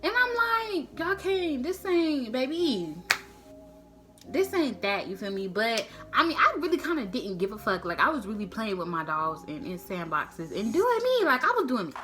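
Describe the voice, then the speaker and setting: A woman's voice: medium pitch, fairly quick, hardly any pauses. A woman telling a casual, slangy, profane story to camera, acting out the people in it. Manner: slangy, profane, animated, acts out quotes. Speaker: storytime vlogger.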